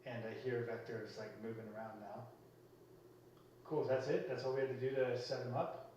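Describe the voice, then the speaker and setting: A man on a live stream, chatting casually to viewers as he sets up a small robot, getting excited and talking through every step. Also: mid-range voice, moderate pace, dull audio, a little hiss or hum. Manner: excitable, talks to viewers while fiddling with a robot. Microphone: computer mic, second mic added.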